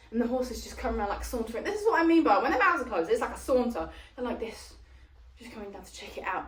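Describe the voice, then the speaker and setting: Young woman, high-ish voice, chatty rambling retelling, recorded on a phone across an echoey room. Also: recorded from a distance, a little hiss or hum. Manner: rambling and animated, with lots of fillers. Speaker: vlogger retelling a film plot. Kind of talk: casual rambling plot retelling. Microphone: phone propped up at a distance. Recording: roomy, voice off the phone mic.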